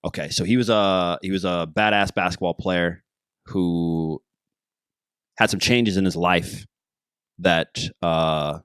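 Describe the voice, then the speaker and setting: A young man hosting his own podcast, talking in a casual, excitable and jokey way that keeps drifting off topic. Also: sits low, clear, resonant tone, no echo, clean studio sound. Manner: excitable, jokey, easily sidetracked. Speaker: podcast host. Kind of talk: casual rambling podcast monologue.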